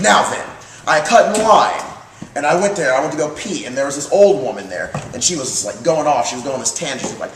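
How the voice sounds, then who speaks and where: A man's voice: mid-range voice, big pitch swings, fast talker, fairly bright tone. A man co-hosting a casual comedy chat show, brash and profane, rambling through stories. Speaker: co-host. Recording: roomy, distant mic, light hiss.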